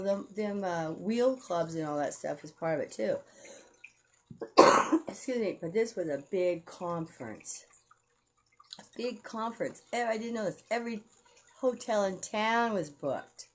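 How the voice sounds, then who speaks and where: A woman telling a rambling personal story to camera, blunt and profane, heated as she goes. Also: on the low side.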